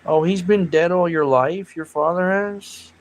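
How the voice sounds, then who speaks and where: A man chatting casually with viewers on a livestream, telling rambling stories with animated outbursts. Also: sits high, unhurried, low-quality recording. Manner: rambling, animated storytelling with loud laughing outbursts. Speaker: livestream host.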